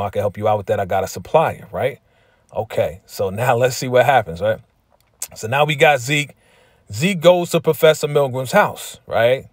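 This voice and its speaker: A man hosting a casual TV episode recap in a slangy, lively way, often slipping into quotes from the characters. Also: medium pitch, no room sound, clean studio sound. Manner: slangy, with frequent "right?" and "you know". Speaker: TV recap host.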